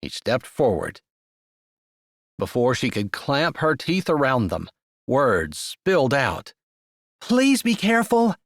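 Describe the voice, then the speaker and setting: A man reading a romance audiobook aloud in expressive, measured storytelling narration. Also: mid-range voice, no room sound, clean studio sound. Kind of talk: scripted narration.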